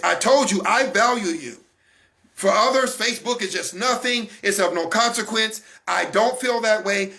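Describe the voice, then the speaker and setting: A man in his forties hosting a weekly faith-based talk, speaking with fervor, repeating phrases for emphasis and rising to shouts. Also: sits high. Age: 40s. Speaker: host of a weekly online talk broadcast.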